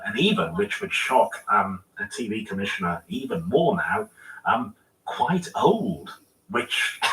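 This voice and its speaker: A man giving documentary commentary in a measured, thoughtful way, recorded distant and roomy with a crowd behind. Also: on the low side, fairly bright tone.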